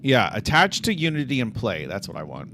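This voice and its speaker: A man's voice: medium pitch, huge pitch swings, fairly quick, bright, forceful tone, slight background noise. A man streaming his game development, thinking aloud as he debugs and talking straight to his chat. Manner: thinks aloud, mutters to himself and addresses chat directly. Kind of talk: casual livestream chat while coding.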